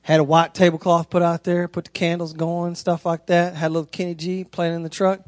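Here a man in his thirties delivers a sermon as a homespun, chatty story, his pitch rising high in moments of excitement. His pace is brisk, and the audio is dry, with studio quality.

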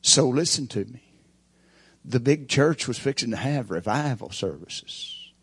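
A middle-aged preacher giving a sermon with folksy, emphatic storytelling. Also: male voice, medium pitch, lively intonation, a little slow, a bit bright, slightly rough, no room sound.

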